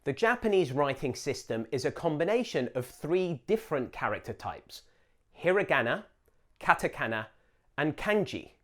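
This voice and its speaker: A man hosting a show, giving a scripted educational narration in a clear, deliberate explainer manner. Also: a little high, big pitch swings. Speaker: host.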